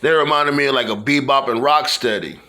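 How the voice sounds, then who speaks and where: A man's voice: medium pitch, a little fast, pushed and bright. A man talking casually in a loose, rambling monologue, full of fillers and restarts. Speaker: wrestling fan vlogger.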